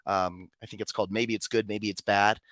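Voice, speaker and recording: A young man talks in a casual discussion, his voice bright and pointed. He wanders through his thoughts with fillers and false starts, recorded dry with no room sound. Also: on the low side, little pitch movement, brisk, no echo. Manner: rambling, many fillers and restarts. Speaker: co-host.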